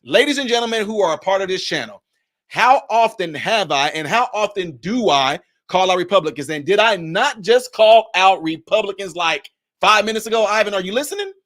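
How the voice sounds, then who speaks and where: A man hosting a political commentary livestream. His voice sits high for a man, and he presses his points with repetition, turning to answer viewers in his chat by name. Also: expressive, moderate pace, a bit bright. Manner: emphatic, repetitive, addresses chat directly. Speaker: livestream host.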